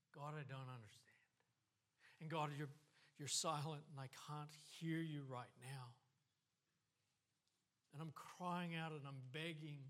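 A man delivering a sermon in a bright, ringing voice, pitched a little high. He preaches unhurriedly and with passion, letting his voice swell and drop as he goes. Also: fairly even intonation, unhurried, pauses often. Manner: impassioned preaching, voice rising and falling. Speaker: pastor.

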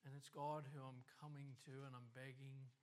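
A man's voice: medium pitch, level tone, moderate pace. A man preaching a sermon, passionate and earnest, with the voice rising and falling. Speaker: pastor.

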